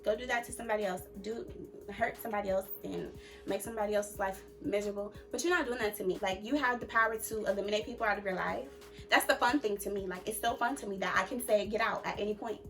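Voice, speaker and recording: A woman's voice: medium pitch, quick pace, a bit bright, soft background music. A young woman hosting a casual advice chat, talking emphatically and repeating her points like a sermon. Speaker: host.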